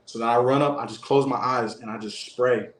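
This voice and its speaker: A man's voice: mid-range voice, steady tone, fairly quick, echoey room. A man, a former prison guard, telling a story in a loose, rambling way as an interview guest, with many restarts and fillers. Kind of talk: casual first-person storytelling.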